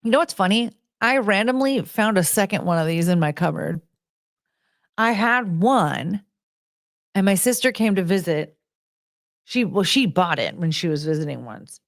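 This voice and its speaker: A woman's voice: lowish voice, expressive, normal speed, no room sound, clean studio sound. A woman livestreamer chatting casually in a rambling way, with lots of fillers.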